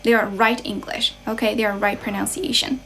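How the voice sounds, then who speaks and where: A woman's voice: medium pitch, flat delivery, fairly quick, pushed and bright, a little hiss or hum, low-quality recording. A young woman from China with a Chinese accent, chatting casually on a livestream as an English tutor, thanking viewers and patiently explaining with a lot of "right?".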